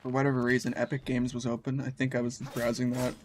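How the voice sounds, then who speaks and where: A Canadian man chats casually while streaming a game, sounding groggy like he just woke up, with a rambling, slangy, easygoing style. His medium-pitched voice is completely flat and quick, with slight background noise.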